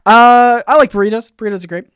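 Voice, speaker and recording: A man hosting a casual livestream Q&A, rambling and halting, full of fillers and restarts, with his volume bouncing up and down. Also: very high voice, smooth, no echo, clean studio sound. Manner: swings in loudness, bouncy. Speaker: YouTube channel host.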